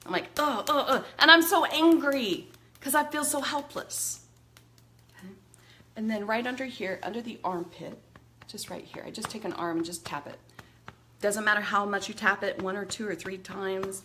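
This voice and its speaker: A woman teaching an emotional tapping technique in a chatty, expressive way, laughing often and acting out venting as examples. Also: mid-range voice. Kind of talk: instructional talk demonstrating tapping.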